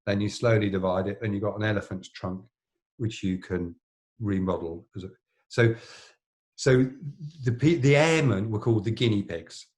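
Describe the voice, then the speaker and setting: A middle-aged man with a fairly low voice telling stories in a relaxed podcast chat. He wanders through his anecdotes, restarting sentences and padding them with fillers. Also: moderate pace. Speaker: plastic surgeon, podcast co-host. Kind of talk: casual storytelling chat.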